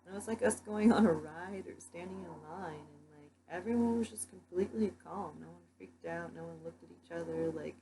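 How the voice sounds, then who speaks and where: A woman's voice: on the low side, brisk, hardly any pauses, background noise. A young woman telling her dreams in a casual vlog, rambling with lots of "like" fillers. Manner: rambling, many "like" fillers, soft-spoken. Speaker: vlogger.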